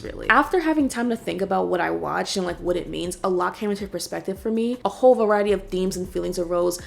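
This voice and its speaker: A woman's voice: medium pitch, vocal fry, darkish tone. A young woman from New York City, chatting casually and reflectively as she reviews a film on her vlog. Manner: chatty and reflective, with conversational fillers.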